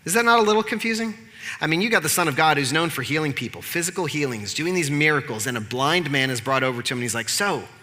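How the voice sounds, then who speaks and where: A man preaching, his voice sharp and cutting. He tells the story in an animated, joking, conversational way, and the sound carries a long echo through a large sanctuary. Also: on the high side, fast. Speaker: pastor. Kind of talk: sermon. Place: church sanctuary.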